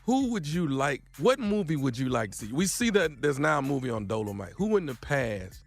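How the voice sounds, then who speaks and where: A radio co-host chats and asks questions, with his pitch swinging freely up and down. Faint music plays behind him. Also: big pitch swings, fairly quick. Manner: conversational, questioning. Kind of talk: casual radio banter.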